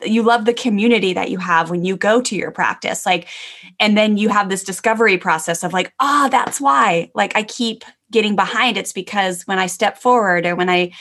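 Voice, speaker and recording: A woman's voice: mid-range voice, steady tone, a little fast, fairly bright tone. A woman hosting a parenting podcast, talking in an enthusiastic, conversational way with frequent "like" fillers. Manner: enthusiastic, filler-heavy, many restarts. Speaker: podcast host and parenting coach.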